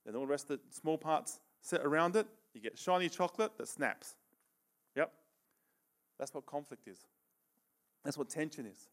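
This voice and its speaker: A middle-aged man preaches in a relaxed, conversational way, often pausing to ask "okay?" and laughing between points. He leads a live demonstration with a volunteer. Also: on the high side.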